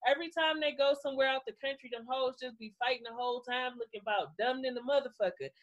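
A woman's voice: high voice, fast talker, lo-fi sound. A young adult woman co-hosting a casual podcast, recapping reality TV bluntly and profanely, laughing often. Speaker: podcast co-host.

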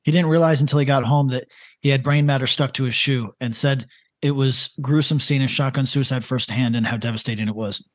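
A man's voice: mid-range voice, steady tone, fairly quick, no room sound. A man co-hosting a podcast in casual chat, rambling and laughing as he reads grim stories aloud. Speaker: podcast co-host.

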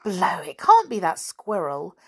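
A woman voicing a bold, bossy schoolboy who gives brisk orders in a storybook reading. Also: lowish voice, wildly swooping pitch, darkish tone, breathy edge, full character voice. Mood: lively. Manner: commanding, brisk.

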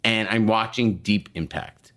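A man's voice: lowish voice, measured pace. A middle-aged man co-hosting a podcast, telling a long story in casual chat, acting out the people in it and swearing freely. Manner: animated storyteller who acts out voices, swears freely. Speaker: podcast co-host.

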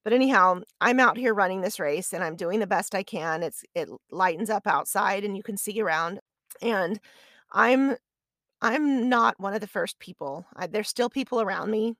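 Speaking at a normal pace in a mid-range, slightly bright voice, a podcast host recounts a personal story. She keeps it chatty, conversational and self-deprecating, and the dry recording is studio quality.

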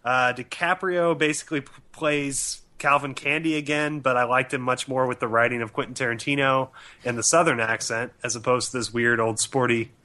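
A man giving a sarcastic, halting film review in a casual podcast chat. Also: medium pitch, fairly even intonation, sharp tone.

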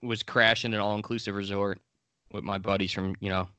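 Long island guy, bright voice, dry close sound, keeps restarting sentences. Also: on the low side, level tone, fairly quick, smooth, dry recording. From Long Island, New York. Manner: eager, rambling, many restarts. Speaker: podcast co-host. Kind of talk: casual podcast chat.

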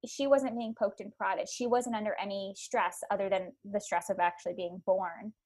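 A woman in her thirties tells her birth story casually and animatedly. Her voice sits at an ordinary middle pitch, and her talk is full of likes and ums. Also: fairly even intonation, normal speed, darkish tone. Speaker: podcast guest.

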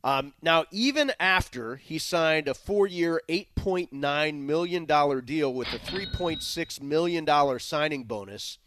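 Animated, playful male radio host. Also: fairly high pitch, a little slow, few pauses, dry recording. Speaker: radio sports talk host. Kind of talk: casual on-air banter.

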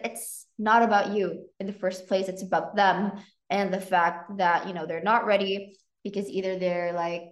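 Frank chatty woman in an echoey room. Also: mid-range voice. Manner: frank, filler-heavy, lots of "like". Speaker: podcast host. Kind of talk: casual relationship chat.

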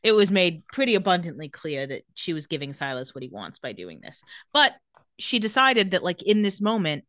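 A woman's voice: fairly low pitch, big pitch swings, normal speed, a bit bright, no echo. A young woman co-hosting a casual chat, retelling TV scenes and quoting the characters. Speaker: podcast co-host recapping a TV episode.

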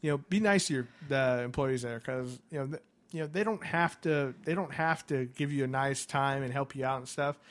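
A man's voice: medium pitch, normal speed. Young man, podcast host, swears a lot, rambling casual chat. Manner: rambling, profane, laughing storyteller.

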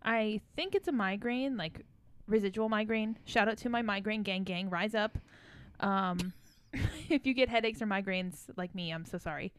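A young woman hosting a podcast in a casual, playful, teasing chat, laughing often. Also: medium pitch. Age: young adult. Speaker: podcast host.

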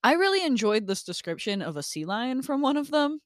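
A woman's voice: high-pitched, big pitch swings, brisk, no room sound, studio quality. A woman co-hosting a podcast in casual chat, upbeat, laughing often and reading from her notes. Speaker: podcast co-host.

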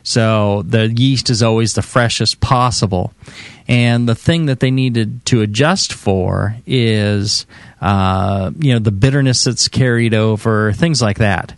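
A man's voice: lowish voice, dry recording. A man co-hosting a live podcast, talking casually with many fillers and restarts. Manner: relaxed, halting with many fillers. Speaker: co-host. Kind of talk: casual chat.

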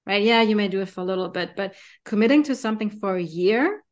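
A woman's voice: medium pitch, expressive, quick pace. A woman with a German accent, hosting a podcast in casual, enthusiastic chat with frequent fillers. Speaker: podcast host.

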